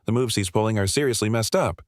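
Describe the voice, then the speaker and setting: A man voicing an excitable adult male fighter who fanboys eagerly. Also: lowish voice, fast, no echo, studio quality, lightly acted. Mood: excited. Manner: hyped, eager.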